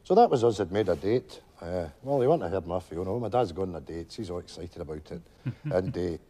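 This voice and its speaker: In a stage comedy monologue, an old widowed Glasgow pensioner, gentle and rambling, tells a wistful story to friends. His low, husky, mellow male voice carries a Glaswegian Scottish accent, animated and brisk, full of "you know" asides.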